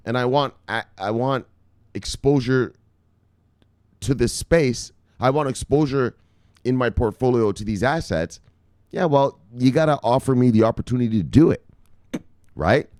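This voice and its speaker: A man hosting a crypto news vlog in loud, profane, boisterous casual commentary, laughing often. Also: mid-range voice, no room sound, studio quality.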